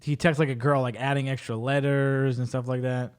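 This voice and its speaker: A man's voice: medium pitch, flat delivery, a little fast, clear, resonant tone. A man hosting a podcast in casual chat, playful and hyped, cursing freely. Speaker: podcast host.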